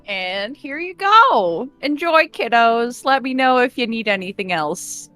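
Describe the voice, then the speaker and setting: A woman voicing a laid-back, friendly diner waitress who serves the kids slowly. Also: a little high, animated, sharp tone, no echo, faint music behind. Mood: easygoing.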